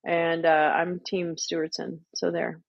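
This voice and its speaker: A woman hosting a livestream, talking in blunt, profane casual chat and telling stories with animated energy. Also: lowish voice, slow pace, gravelly, background noise. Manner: blunt, sweary, animated storytelling. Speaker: livestream host. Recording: muffled lo-fi audio.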